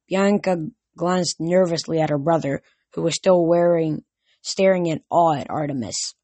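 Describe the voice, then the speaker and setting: A man's voice: fairly high pitch, moderate pace, a little mellow, dry recording. A young man reading a storybook chapter aloud, plain and a little hesitant, with small restarts. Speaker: reader. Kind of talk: amateur audiobook reading.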